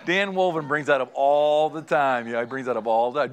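A man's voice: medium pitch, a little fast. A middle-aged male pastor preaching to married couples, storytelling and speaking directly to his congregation. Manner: storytelling, addresses the congregation directly, laughs at own stories.

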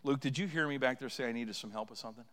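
A man's voice: medium pitch, very fast, a bit bright, in a large hall. A man preaching an impassioned sermon as pastor, building to fervent cries. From Canada. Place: church sanctuary.

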